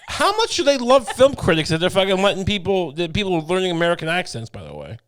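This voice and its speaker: A man's voice: sits high, huge pitch swings, a little fast, a bit bright. A young adult man hosting a podcast, rambling and cursing in casual comedic chat, laughing often. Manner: rambling, profane, laughs a lot. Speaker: podcast host.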